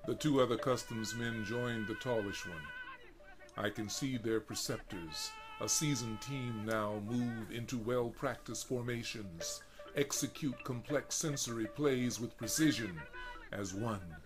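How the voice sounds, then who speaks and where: A man narrates his own first-person prose at an ordinary pitch, slow and deliberate, with weight. He paints each scene vividly while marimba music plays steadily in the background.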